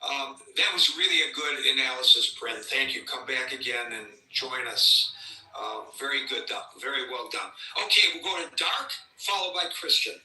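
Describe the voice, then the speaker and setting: A man's voice: mid-range voice, expressive, moderate pace, bright, forceful tone. A man hosting a live political commentary podcast, rambling and sarcastic as he mocks what he hears. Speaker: podcast host. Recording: roomy sound, distant from the mic.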